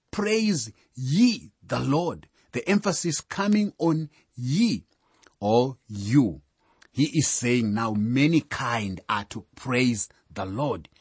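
Male preacher, sermon delivery, slow and emphatic, lively swings in pitch, dry close sound. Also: husky, no room sound. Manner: measured, emphatic preaching with rising and falling emphasis.

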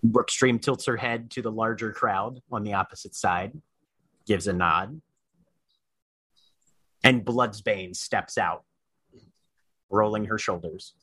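A man running a tabletop game as storyteller, narrating scenes in a measured, descriptive way. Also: on the low side, pushed and bright, breathy edge, dry recording.

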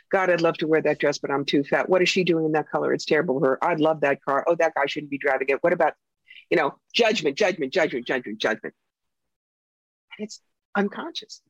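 A woman psychic and author telling stories in a casual interview, animated and acting out the voices of the people she quotes. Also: low voice, no room sound. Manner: animated storyteller who acts out quoted voices. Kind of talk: casual interview talk, storytelling. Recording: dull lo-fi recording.

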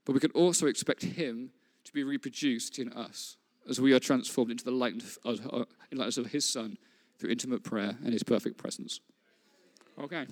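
A man preaching the close of a sermon on prayer in an earnest, measured way. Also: medium pitch. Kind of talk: sermon closing.

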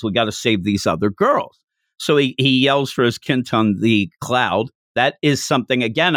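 Male podcast co-host, lively pitch, dry close sound, playful scene retelling. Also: dry recording. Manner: animated, acts out character lines in funny voices. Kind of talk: casual manga discussion.

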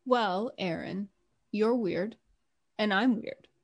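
A woman speaking in character as a gentle, gracious noble during a tabletop game. Her voice sits at an ordinary middle pitch, and she talks in a kind, polite way. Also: slow pace. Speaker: player. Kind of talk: in-character tabletop role-play.

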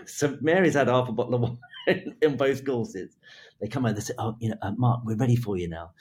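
A man's voice: mid-range voice, a little mellow, slight background noise. A man, a hairdressing creative director, telling an anecdote in an interview, laughing between phrases and acting out the quotes.

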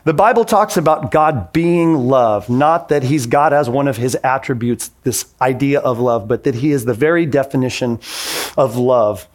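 A man's voice: medium pitch, moderate pace. A man in his forties preaching a sermon in a casual, conversational way, acting out the voices he quotes. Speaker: pastor.

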